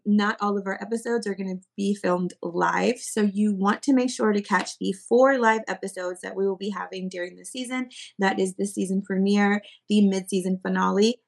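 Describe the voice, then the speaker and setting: A woman hosting a casual podcast chat, bubbly and quick to laugh. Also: mid-range voice, gravelly. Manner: bubbly, giggly, animated. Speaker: podcast host. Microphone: streaming podcast mic.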